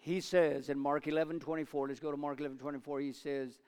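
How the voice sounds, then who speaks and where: A male preacher delivering a sermon, swinging between loud urging and low asides and calling for amens from the congregation. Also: flat delivery, fast, clear, resonant tone. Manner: call-and-response with congregation. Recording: long reverb of a large hall.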